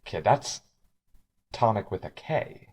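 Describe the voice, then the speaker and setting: A man's voice: lowish voice, lively intonation, slow, darkish tone, slightly rough. A man narrating as game master, rambling with frequent restarts. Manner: rambling, many restarts and fillers.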